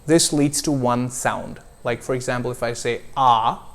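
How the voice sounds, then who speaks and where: A man coaching pronunciation, modeling vowel sounds slowly and deliberately for a learner to repeat. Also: medium pitch. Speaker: accent coach. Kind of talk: pronunciation lesson.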